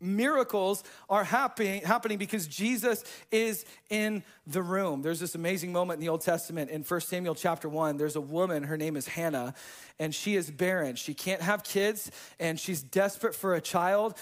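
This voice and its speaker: High-voiced man preaching a lively sermon. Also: moderate pace. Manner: conversational preaching, swings between hushed and fired-up; casual slang like "man" and "dude". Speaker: pastor.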